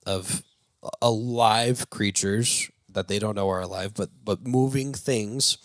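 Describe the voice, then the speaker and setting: A low-voiced man retells a movie plot casually, tripping over his words with plenty of fillers. He laughs every so often, and his voice sounds close and dry, with no room echo. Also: a bit bright. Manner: rambling, with many fillers and restarts; laughs while talking. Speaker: movie review show host.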